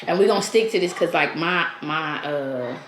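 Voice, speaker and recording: A woman's voice: sits low, moderate pace, reverberant, a little hiss or hum. A woman from St. Louis with a St. Louis accent, co-hosting a casual podcast chat and telling stories with lots of laughter and acted-out quotes. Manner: animated storytelling, laughing, acting out quotes. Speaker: podcast co-host.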